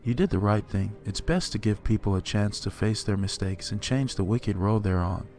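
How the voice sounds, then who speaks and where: A gentle older bus driver speaks with a Southern US drawl, soothing and fatherly. A man reads him in a lowish voice for a spoken horror story. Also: normal speed, lightly acted. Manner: kindly, soothing advice.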